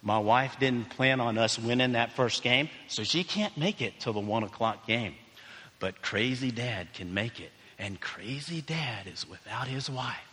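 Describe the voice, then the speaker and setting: Pastor, male, bright high voice, animated sermon storyteller, church hall reverb. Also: moderate pace. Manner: excitable storyteller, shouting and exclaiming. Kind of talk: sermon with personal anecdote and prayer. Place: church sanctuary.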